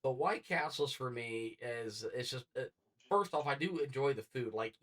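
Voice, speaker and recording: A man around forty co-hosting a podcast, telling animated stories and acting out the dialogue. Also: medium pitch, normal speed, distant mic. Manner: animated storyteller, acts out dialogue. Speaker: podcast co-host. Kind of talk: casual storytelling.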